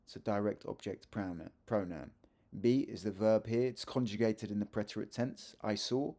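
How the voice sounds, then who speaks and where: A man's voice: lowish voice, fairly even intonation, normal speed, warm tone. A man teaching a video grammar lesson, chatty and self-correcting, with joking asides as he explains. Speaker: Spanish teacher.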